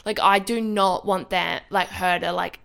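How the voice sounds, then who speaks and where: A woman's voice: on the low side, fairly even intonation, unhurried, gravelly, a bit bright. A young woman co-hosting a podcast, chatting casually with lots of filler words and swearing. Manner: loose, filler-heavy, swears freely. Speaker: podcast co-host. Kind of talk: casual storytelling chat.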